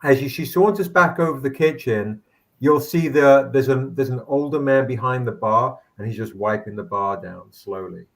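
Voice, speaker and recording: A man narrating as game master in a tabletop game, rambling with frequent restarts. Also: mid-range voice. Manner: rambling, halting, many restarts.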